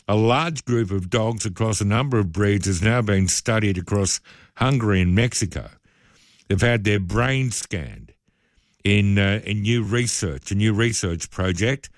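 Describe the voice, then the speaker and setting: A man's voice: fairly low pitch, no echo. A man with an Australian accent hosting a casual talkback radio show, chatty and self-deprecating, with loose asides, speaking into a studio microphone. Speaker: radio host.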